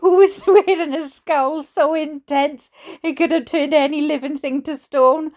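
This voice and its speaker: Slow, high-voiced Welsh woman reading aloud. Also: fairly even intonation, a little mellow. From Wales. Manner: giggly, often breaks into laughter. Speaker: reader and streamer. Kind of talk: reading a book aloud with chatty asides.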